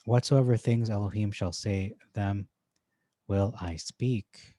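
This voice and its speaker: A man talks through Bible verses in an informal study, comparing wordings as he goes. His voice sits low and mellow, and he often thinks aloud with pauses. The sound is dry and close, with no room echo. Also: steady tone. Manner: thinking aloud, with frequent "uh" and restarts. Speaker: Bible teacher.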